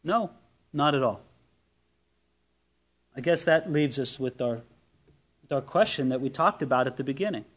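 A man's voice: medium pitch, animated, moderate pace, pauses often, fairly bright tone. A man preaching a sermon as pastor, asking rhetorical questions and reading scripture with emphasis.

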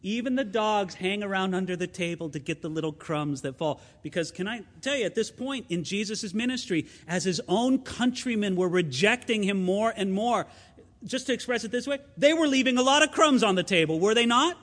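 A man preaching a sermon as pastor, conversational and expressive, asking his listeners rhetorical questions. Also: high voice, a little fast, long reverb tail.

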